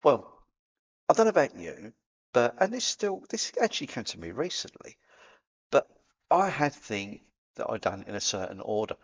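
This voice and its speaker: A man's voice: mid-range voice, very animated, normal speed, breathy edge, dull audio. A man with a Cockney accent talking casually to camera as a spiritual vlogger, chatty and playful, dropping in sound effects. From England.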